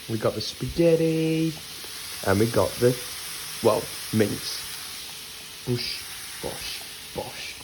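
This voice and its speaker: A man's voice: on the low side, a little mellow. A young man, chatting enthusiastically in a casual food vlog. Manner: enthusiastic and chatty, lots of exclamations. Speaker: vlogger.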